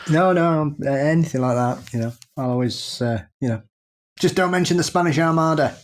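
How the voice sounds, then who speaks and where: A man's voice: on the high side, a little fast. A man co-hosting a podcast, chatting casually and cracking dry jokes. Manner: dry, joking. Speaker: podcast co-host.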